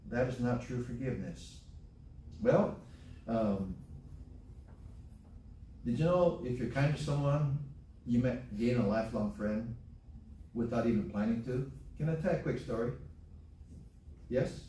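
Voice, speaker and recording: A man's voice: mid-range voice, expressive, a little slow, long pauses, warm tone, a little hiss or hum. A man preaching a sermon in a church, folksy and repeating phrases for emphasis. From Hawaii. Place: church sanctuary. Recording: echoey church hall, from far off.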